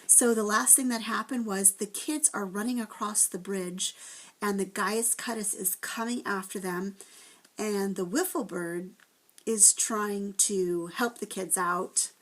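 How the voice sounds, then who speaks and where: A woman teacher reading a chapter book aloud to first graders, with gentle, expressive storytelling. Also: mid-range voice, unhurried.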